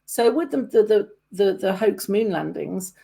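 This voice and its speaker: A woman's voice: mid-range voice, animated, a little slow, vocal fry, mellow, breathy edge. A woman in her fifties hosting a casual interview podcast, rambling with many restarts. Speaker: podcast host.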